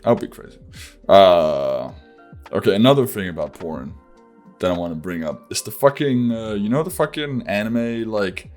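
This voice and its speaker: A man's voice: lowish voice, expressive, moderate pace, darkish tone, faint music behind. A man hosting a casual podcast who rambles profanely, packing his talk with "like" and breaking into laughs. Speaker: podcast host.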